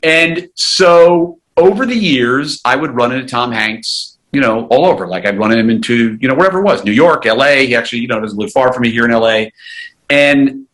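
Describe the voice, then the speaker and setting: A middle-aged man co-hosting a podcast, spinning anecdotes in a loose, chatty way and acting out the voices of the people in them. His voice is bright and forceful, with an everyday pitch. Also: low-quality recording. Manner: animated storyteller, quick to act out quotes. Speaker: podcast co-host. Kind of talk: casual chat, telling anecdotes.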